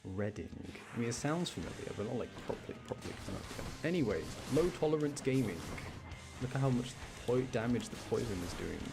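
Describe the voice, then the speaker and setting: A man's voice: mid-range voice, big pitch swings, fast talker, gravelly, music in the background. A young man chatting casually to his live chat while he plays a game, rambling from thought to thought. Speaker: live streamer.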